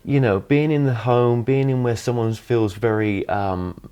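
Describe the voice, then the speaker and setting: A man's voice: mid-range voice, measured pace, mellow, smooth. A man hosting an interview, speaking hesitantly with many restarts and fillers. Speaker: interview host. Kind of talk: casual interview.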